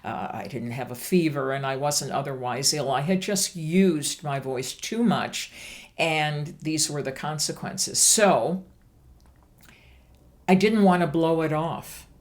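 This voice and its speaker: A woman minister giving an earnest, deliberate sermon on a church livestream. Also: low-pitched. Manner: slow, deliberate, earnest delivery.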